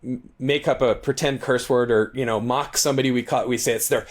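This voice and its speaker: A man being interviewed as a guest author, telling a long story in a casual, animated way with many asides and restarts. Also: a little fast. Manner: animated, acts out quoted lines with shifting pitch; talkative, frequent restarts and asides.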